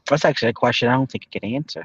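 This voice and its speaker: A man's voice: medium pitch, very fast, breathy edge, no echo. A man in casual voice chat, blunt and opinionated, talking crudely. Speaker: voice chat participant. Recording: dull lo-fi voice chat mic.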